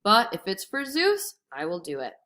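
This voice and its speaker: A woman's voice: medium pitch, wildly swooping pitch, moderate pace, sharp tone. A woman doing a big, hardworking blacksmith god. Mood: earnest.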